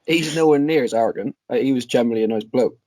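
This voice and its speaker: A man's voice: mid-range voice, fast talker, warm tone, no echo. A young man telling a story casually on a podcast, rambling and swearing. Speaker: podcast co-host.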